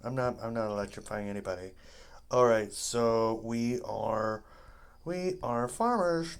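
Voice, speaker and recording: Rambling, excitable game commentator. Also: a little slow, smooth. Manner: rambling and excitable, jumps into high yelps; jokey, playful asides. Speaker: gaming channel host.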